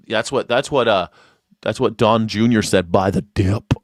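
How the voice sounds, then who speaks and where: A man's voice: on the low side, moderate pace, no room sound, studio quality. A man hosting a live stream, mocking in a sarcastic tone and laughing often.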